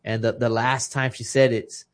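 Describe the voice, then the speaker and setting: Retired boxer guy in his 30s, earnest, keeps restarting, mid-pitched voice. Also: little pitch movement, normal speed. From Texas. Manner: emotional, earnest, many restarts. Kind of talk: casual interview storytelling.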